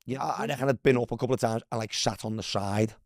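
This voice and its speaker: A man's voice: mid-range voice, quick pace, no echo, clean studio sound. A man with a Scouse accent, a former footballer talking as a guest, chatty and swearing freely as he tells stories. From Liverpool, England. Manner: chatty, swears freely, calls people lad. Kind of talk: casual storytelling chat.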